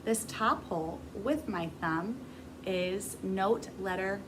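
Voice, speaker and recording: A woman's voice: medium pitch, slow pace, background noise. A grown woman teaching a beginner music class to camera, patient and encouraging as she demonstrates. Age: adult.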